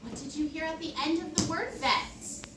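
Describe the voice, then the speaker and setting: In a noisy, echoey classroom with the mic placed far away, a woman teaches phonics to young children, using sing-song prompts and frequent praise. Her voice is high and her pace moderate.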